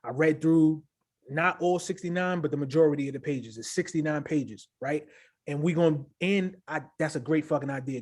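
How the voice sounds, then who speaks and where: A man co-hosting a casual crypto livestream, talking in an animated, hyped way with a habit of tagging "right?" onto his sentences. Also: a little high, normal speed. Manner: animated, hyped, repeats himself with filler "right?". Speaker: crypto show co-host.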